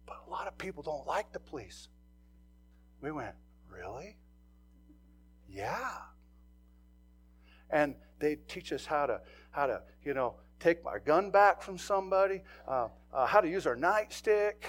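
Storytelling pastor, middle-aged man. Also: a little high. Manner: storytelling, swings from loud to hushed. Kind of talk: sermon.

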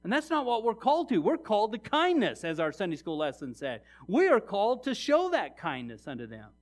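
A middle-aged man preaching a sermon, telling personal stories and addressing the congregation directly, swinging from hushed to loud and emphatic. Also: high-pitched, wildly swooping pitch, a little fast. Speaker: pastor.

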